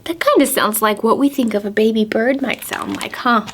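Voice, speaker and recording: A woman's voice: a little high, normal speed, a bit bright, a little hiss or hum. A young woman who is a children's librarian, reading a picture book aloud at a preschool storytime and asking the children encouraging questions.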